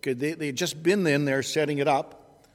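A man preaching an expository sermon at an unhurried pace, often restarting and correcting himself. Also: fairly high pitch, steady tone, in a large hall.

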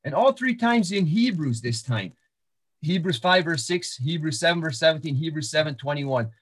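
Man, sermon-style Bible teaching, slightly high voice, repeats and restarts a lot. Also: lively intonation, moderate pace, a bit bright, husky. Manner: walks through verses, repeats words and restarts, frequent fillers. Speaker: preacher.

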